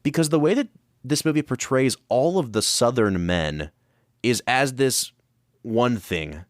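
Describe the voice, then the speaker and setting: A man's voice: medium pitch, expressive, unhurried, no echo, studio quality. A man co-hosting a film podcast, talking through his analysis in a thoughtful, casual way. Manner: thoughtful, analytical, building arguments. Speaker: podcast co-host.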